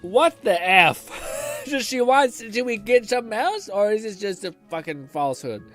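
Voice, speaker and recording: A man livestreaming a game, his voice a bit high and bouncing all over the place. He talks loosely, swears and laughs freely, with game music faint behind him. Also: big pitch swings, moderate pace, fairly bright tone. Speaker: gaming streamer. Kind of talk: casual live-stream commentary.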